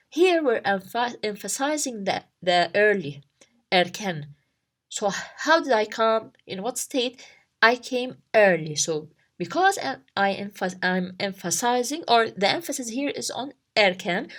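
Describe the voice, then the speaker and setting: Lively-pitched woman teaching a lesson. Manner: explains step by step, with many restarts and rhetorical questions. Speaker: Turkish language teacher. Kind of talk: casual explanatory lesson.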